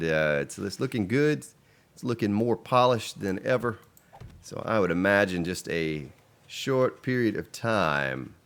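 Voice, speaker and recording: A man casually commenting on his game during a live stream, chatting with viewers as he plays. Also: mid-range voice. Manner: relaxed and chatty, reading out and answering viewer chat.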